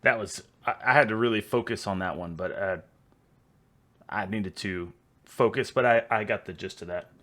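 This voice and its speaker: A man with a Texan drawl hosts a relaxed reaction video, his voice sitting low. He talks in a loose, easygoing way and breaks into laughter often. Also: normal speed. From Houston, Texas. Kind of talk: casual reaction commentary.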